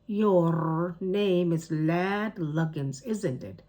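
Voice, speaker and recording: A woman voicing a sly, cruel cat who has taken a girl's body, speaking slowly with purring menace. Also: lowish voice, dark tone. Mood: menacing. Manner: slow, drawn-out purring menace.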